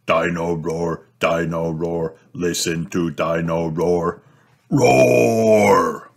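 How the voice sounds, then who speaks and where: A man voicing a loud, jolly toy dinosaur in a children's storybook read aloud, chanting slowly in a sing-song voice. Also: fairly low pitch, huge pitch swings, vocal fry, husky, heavily acted.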